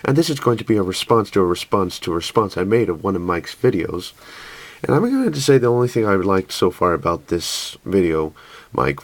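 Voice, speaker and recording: A young man hosting his own video channel, hoarse from a sore throat, arguing a rebuttal in a raspy voice with many restarts and fillers. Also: lowish voice. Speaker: YouTube channel host.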